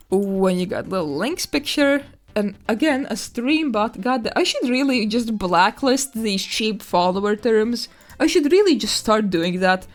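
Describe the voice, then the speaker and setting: Slow-talking excitable woman streamer. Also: on the high side, soft background music. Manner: excitable, squeals at animals, swears casually. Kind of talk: casual live-stream chatter.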